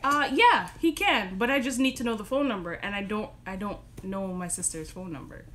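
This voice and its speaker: A woman's voice: medium pitch, expressive, normal speed, a bit bright. A young woman hosting a casual live stream from her bedroom, chatty, giggly and self-deprecating. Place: home bedroom.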